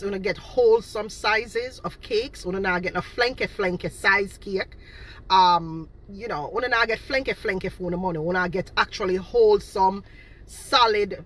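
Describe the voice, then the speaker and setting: A woman's voice: medium pitch, fairly bright tone, rough recording. A woman, ranting to camera about her cake business and her critics with indignant, repetitive emphasis. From Boston, Massachusetts. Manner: indignant, emphatic, repeats herself. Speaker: home cake seller. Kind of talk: direct-to-camera rant.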